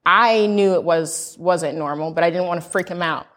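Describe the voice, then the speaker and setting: A young woman from the United States recounts a personal story in candid conversation. She is earnest and animated. Her voice sits a little low for a woman. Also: moderate pace. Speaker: panel guest sharing a birth story. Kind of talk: candid casual chat.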